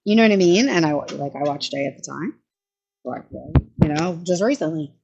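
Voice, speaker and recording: A woman's voice: low voice, lively intonation, brisk, creaky, a little mellow, slightly rough, dull audio. A woman giving casual livestream commentary, chatty and sarcastic, laughing and breaking off her sentences. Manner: chatty and sarcastic, frequent laughs and self-interruptions. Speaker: commentary streamer.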